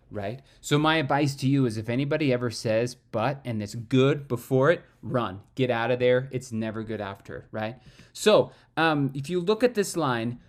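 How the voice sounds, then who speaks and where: A man teaching acting in a relaxed, chatty way, often checking in with "right?". His pitch swings widely as he talks. He speaks at an unhurried pace. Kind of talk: casual acting lesson with monologue demonstration.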